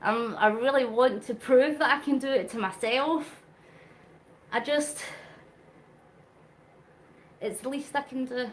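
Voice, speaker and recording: Woman vlogger, high voice, earnest and emotional, slightly winded, phone mic, faint hiss. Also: takes it slowly, long pauses. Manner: earnest, emotional, reads out viewer comments. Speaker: vlogger doing a live charity cycle. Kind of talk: live-stream chat while cycling.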